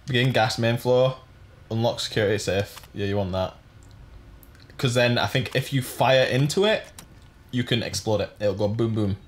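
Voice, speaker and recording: A man's voice: medium pitch, moderate pace. A man co-hosting a gameplay video, chatting casually with a lot of stammering. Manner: stammering, laughs easily. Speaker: gaming co-host.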